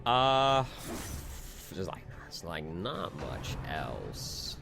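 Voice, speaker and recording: Let's play host, male, deep voice, loose and profane asides, close mic with clear game music behind. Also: big pitch swings, extremely slow. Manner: rambling, self-interrupting, casually profane. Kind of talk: casual gameplay commentary. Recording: game music playing underneath.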